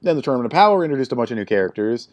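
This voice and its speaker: A man's voice: medium pitch, big pitch swings, racing. A young man hosting his own video, giving a blunt, swearing opinion rant in a casual way. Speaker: video host.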